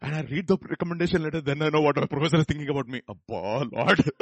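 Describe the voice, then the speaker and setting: A middle-aged pastor with an Indian Telugu accent delivers a storytelling sermon. His voice is slightly husky, and the sound is close and dry. He slips into quoted voices and swells to forceful emphasis. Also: on the high side, very fast, no room sound. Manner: storytelling with acted quotes and chuckles, rising to emphatic peaks.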